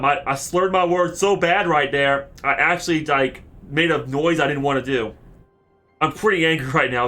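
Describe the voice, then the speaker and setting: A man streaming a game, giving heated, animated commentary full of cursing. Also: fairly high pitch. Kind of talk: let's play commentary.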